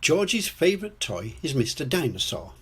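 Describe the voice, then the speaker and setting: An older man reading a children's storybook aloud as a storyteller grandad, in a slow gentle read-aloud. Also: a little high, sing-song, slightly rough.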